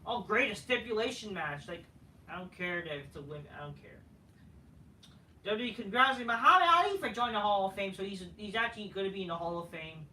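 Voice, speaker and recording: A man's voice: sits high, expressive, fast talker, bright, forceful tone. A man giving a casual ranting review of a wrestling show, profane, dismissive and rambling. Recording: roomy, faint noise, from a distance.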